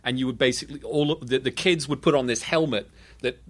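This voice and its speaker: A man's voice: mid-range voice, quick pace. A man from the United Kingdom with a transatlantic accent, a guest in a casual interview, speaking thoughtfully and often restarting his phrases.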